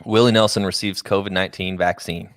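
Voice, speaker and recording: Man, low voice, podcast co-host, laid-back casual chat. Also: fairly even intonation, fast, fairly bright tone, no room sound, studio quality.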